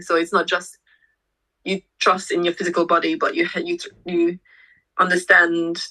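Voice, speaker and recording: A woman with a lowish, pushed, bright voice, captured on poor audio. She's a yoga teacher explaining energy centres in a podcast conversation, hesitant, restarting often and leaning on fillers, though she gets livelier when telling a story.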